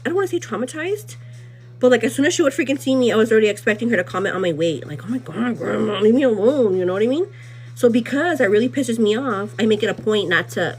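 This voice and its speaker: A young woman hosting a live vlog, rambling in a gossipy, casual way, full of "like" and "you know what I mean," animated and quick to laugh. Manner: animated and laughing, pitch jumps up when riled. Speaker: livestream host.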